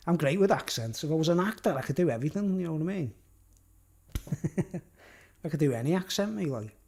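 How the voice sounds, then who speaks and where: A man's voice: a little high, lively intonation, moderate pace, long pauses, a little mellow, breathy edge. A man with a Scouse accent rambling through a live-stream monologue, laughing often and repeatedly asking "you know what I mean?". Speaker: vlogger.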